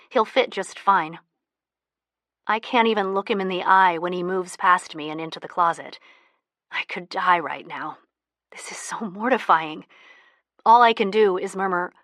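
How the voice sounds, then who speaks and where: A woman narrating a first-person audiobook in a soft, intimate manner, close to the mic. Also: fairly low pitch, no room sound.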